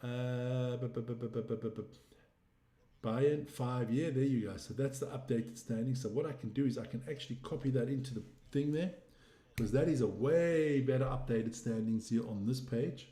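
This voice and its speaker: Chatty man with a mellow voice. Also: mid-range voice, moderate pace, roomy sound. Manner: chatty, talks to viewers while browsing results. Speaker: sports channel host. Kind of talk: casual basketball results recap.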